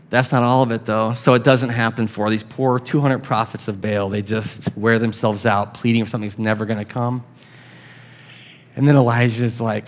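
A man's voice: mid-range voice, moderate pace. A man preaching a sermon as pastor, casual and conversational, with chuckles and restarts.

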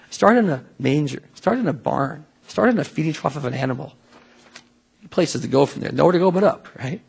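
A man preaching a sermon in a church, conversational and animated, full of asides and questions to the congregation. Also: medium pitch, creaky, slightly rough. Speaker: pastor.

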